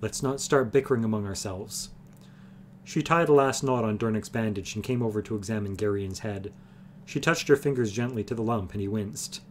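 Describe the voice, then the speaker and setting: A man's voice: on the low side, fairly quick, a little hiss or hum. A man reading a fantasy novel aloud on a livestream, earnest and easygoing between chapters. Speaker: reader.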